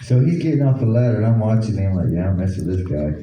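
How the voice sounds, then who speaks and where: A man with an Oklahoma accent performs stand-up at a comedy club, telling rambling stories, doing voices and getting laughs. He talks quickly and expressively in a fairly low voice. Recorded at a distance in the echoey room with the highs cut off, the clip carries audience laughter behind him.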